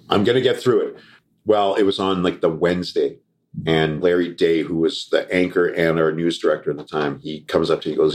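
A man's voice: low-pitched, a little fast. A man guest on a podcast, telling a story casually, swearing and laughing as he acts out what people said. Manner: profane, laughing, animated anecdote with quoted voices.

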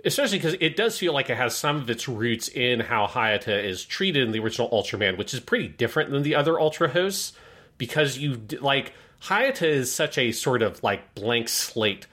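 A man's voice: medium pitch, sing-song, normal speed. A man co-hosting a film podcast, talking enthusiastically in casual chat and acting out lines from the show. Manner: enthusiastic, acts out shouted lines in quotes. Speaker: podcast co-host.

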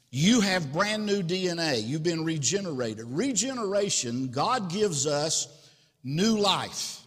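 A man preaching a sermon as pastor, slow and emphatic, repeating key words. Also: sits high, fairly bright tone, long reverb tail.

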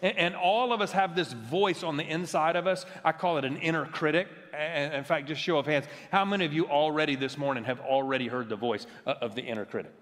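A man's voice: fairly high pitch, brisk, few pauses, fairly bright tone. A man preaching a sermon in a large church worship center, emphatic, often restarting his words and checking in with his listeners. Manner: emphatic, checks in with the audience with "right?"; frequent stammered restarts. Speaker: pastor. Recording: long hall reverb from a church sanctuary.

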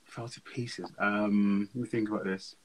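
A young man, chatting as an interview guest and telling animated, slangy stories. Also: lowish voice, measured pace, low-quality recording. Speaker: guest speaker. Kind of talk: casual interview chat.

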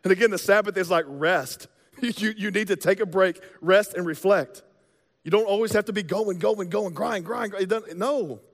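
High-voiced preacher in a reverberant hall. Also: male voice, moderate pace. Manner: conversational, joking preacher with casual slang. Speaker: pastor. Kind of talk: sermon. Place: church sanctuary. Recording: long reverb of a large hall.

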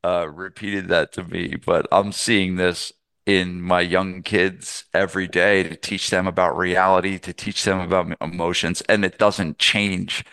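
A man's voice: low-pitched, flat delivery, unhurried, gravelly, pushed and bright, smooth, no echo. A middle-aged man hosting a podcast, chatting casually and enthusiastically, rambling with restarts. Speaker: podcast host. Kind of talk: casual interview chat.

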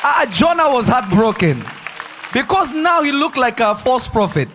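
Animated high-voiced preacher man. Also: normal speed, some chatter behind, a little hiss or hum. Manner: animated, shouting and acting out quotes, laughing. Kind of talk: lively sermon. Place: church.

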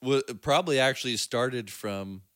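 A man co-hosts a casual faith podcast, telling stories in a medium-pitched, fairly bright voice at a moderate pace. He laughs easily and trails off with plenty of fillers. The studio recording is clean, with no echo.

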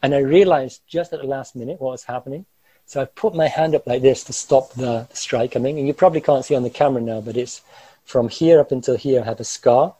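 Husky, mellow-voiced man telling a story. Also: mid-range voice, fast, no room sound, poor audio. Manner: animated, gestures while talking, chuckles through tense moments. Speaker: guest recounting a personal ordeal. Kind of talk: vivid first-person storytelling.

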